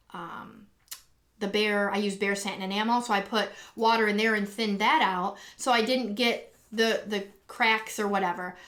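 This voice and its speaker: A woman's voice: mid-range voice, a bit bright. A woman hosting a casual live stream, chatty and rambling with lots of ums and restarts, gushing when she greets viewers, talking from home. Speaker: live stream host and acrylic pour artist. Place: home, indoors.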